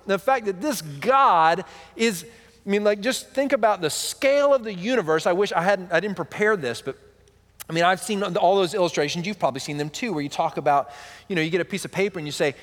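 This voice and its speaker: A man's voice: sits high, expressive, brisk, a bit bright, in a large hall. A man in his thirties preaching a sermon, with a conversational delivery full of "right?" asides. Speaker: pastor.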